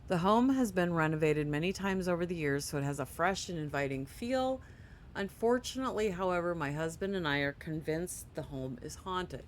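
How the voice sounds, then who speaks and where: A gaming channel host playing a game, reading on-screen tutorial text aloud with quick casual asides, sleepy and yawning. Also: medium pitch, lively intonation, slight background noise. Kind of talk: casual let's play commentary.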